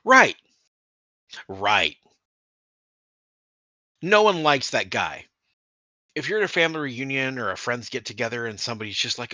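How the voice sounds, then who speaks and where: A man co-hosting a casual hobby podcast, talking with animated energy, swearing freely and restarting sentences. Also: mid-range voice, normal speed, pauses often, dry recording. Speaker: podcast co-host.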